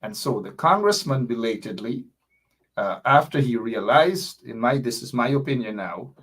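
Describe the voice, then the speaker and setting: A man's voice: medium pitch, lively intonation, moderate pace, a bit bright, husky. A man hosting a live online talk show, speaking emphatically and repeating key points to rally his listeners. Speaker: host. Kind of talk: live online political commentary.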